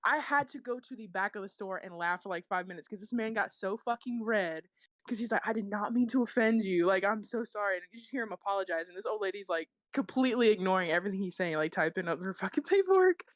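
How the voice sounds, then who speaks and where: A woman talking fast and loose on a podcast, tumbling through crude stories between laughs. The sound is close and dry, with no room around her voice. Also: mid-range voice, expressive, a bit bright, dry recording. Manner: fast, profane storytelling with lots of laughing. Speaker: guest, country rap artist. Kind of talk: casual podcast chat.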